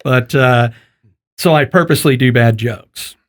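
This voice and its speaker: A man's voice: medium pitch, measured pace. A man hosting a casual podcast interview, folksy and joking. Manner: folksy and joking, loose with fillers. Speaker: podcast host.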